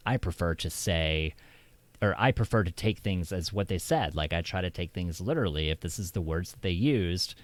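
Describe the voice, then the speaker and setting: A man's voice: low voice, expressive, normal speed, no echo. A man hosting a casual stream chat who rambles, restarting his thoughts often. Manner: rambling, heavy with fillers and restarts. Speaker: streamer host.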